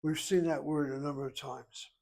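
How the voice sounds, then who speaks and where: A man's voice: on the high side, fairly even intonation, moderate pace, vocal fry, a little mellow, slight background noise. A man teaching a Hebrew lesson, reading a dialogue aloud and explaining grammar step by step. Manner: methodical, reads dialogue then explains grammar. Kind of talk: self-paced language lesson.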